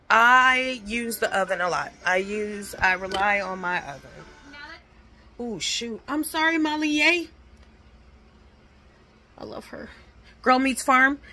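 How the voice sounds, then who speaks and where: Slow-talking blunt woman vlogger. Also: medium pitch, sharp tone. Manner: blunt, chatty, swears freely; talks with lips barely open. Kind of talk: casual home vlog. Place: home kitchen.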